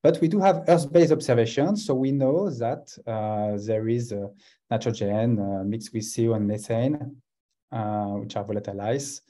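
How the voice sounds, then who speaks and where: A man's voice: mid-range voice, moderate pace, warm tone. A man with a French accent presenting a science talk over a video call, with frequent hesitations. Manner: hesitant, many uhs between phrases. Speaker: guest scientist.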